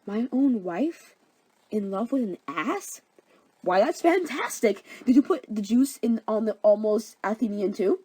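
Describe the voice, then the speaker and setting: A woman's voice: mid-range voice, a little slow, warm tone, breathy edge. A woman voicing a gleeful, bossy fairy king in a cartoon parody.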